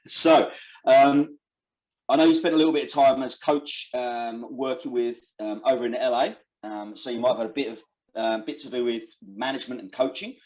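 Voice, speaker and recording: A man's voice: mid-range voice, fairly even intonation, moderate pace, darkish tone, rough recording. A man hosting a casual football podcast, chatty and full of fillers. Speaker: podcast host.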